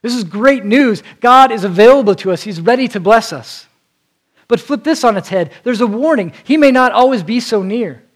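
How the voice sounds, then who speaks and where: A man's voice: very high-pitched, expressive, moderate pace. A male preacher delivering an earnest sermon, often repeating a word as he restarts.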